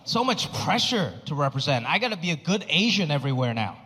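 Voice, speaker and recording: A male stand-up comedian performing a live set, animated and acting out other people's voices. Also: fast talker. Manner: animated, acts out other people with big pitch jumps. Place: comedy stage before a live audience. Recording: live hall reverb with crowd noise.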